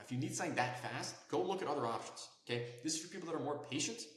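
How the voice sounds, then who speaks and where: A man's voice: on the high side, expressive, quick pace, a bit bright, reverberant, poor audio. A man coaching viewers on land investing in an emphatic, instructional way, checking in often with "okay?" and "right?". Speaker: land investing sales consultant. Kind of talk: instructional talk to camera.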